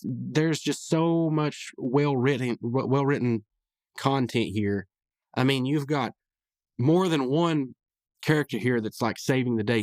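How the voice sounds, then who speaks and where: A man's voice: medium pitch, dry recording, clean studio sound. Rambling, chuckling man recapping a cartoon. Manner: rambling, chuckling often, loose fillers. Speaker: podcast host reviewing a cartoon episode. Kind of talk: casual podcast recap.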